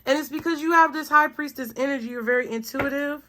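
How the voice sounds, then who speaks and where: A woman with a fairly high voice reads tarot cards for her audience. She talks in a loose, chatty way, thinking aloud and leaning on fillers as she works through each card. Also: quick pace, fairly bright tone, a little hiss or hum. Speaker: tarot reader. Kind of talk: casual collective tarot reading.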